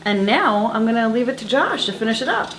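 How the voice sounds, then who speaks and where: A woman's voice: a little high, sing-song, brisk, fairly bright tone, reverberant, slight background noise. A woman co-hosting a casual cooking show, chatty and playful as she explains her part of the dish. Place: home kitchen.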